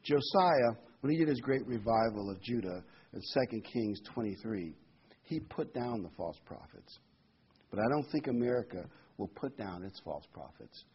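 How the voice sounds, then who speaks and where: Husky middle-aged male preacher, emphatic scripture sermon, lo-fi recording. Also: on the low side, animated, moderate pace. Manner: emphatic, repeats phrases, rising and falling loudness. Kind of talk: prophecy sermon with scripture reading.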